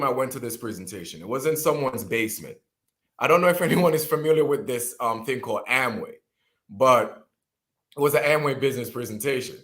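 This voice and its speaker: A man in his thirties, from Jamaica, tells a long personal story. He is animated and speaks in a middle pitch, often restarting his sentences and acting out the voices of the people in it. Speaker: guest speaker.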